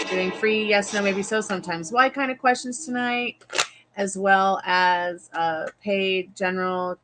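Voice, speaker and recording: A woman's voice: medium pitch, fairly even intonation, a little slow, low-quality recording. Chatty woman hosting a tarot stream. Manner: chatty, greets viewers by name, addresses spirits. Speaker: tarot reader livestream host. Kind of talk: casual livestream chat. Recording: music playing behind the voice.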